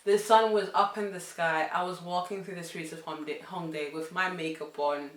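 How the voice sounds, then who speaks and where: A young woman tells a casual story, her voice low-pitched but bright and forceful. She swings from loud exclamations to hushed asides. The room around her is echoey. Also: fairly even intonation, moderate pace. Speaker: vlogger.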